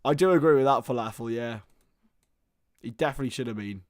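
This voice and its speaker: Man doing excitable live match commentary. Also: mid-range voice, quick pace, no echo, studio quality. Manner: excitable play-by-play, chatting with viewers. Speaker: host of a football watchalong stream. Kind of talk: live football commentary and chat.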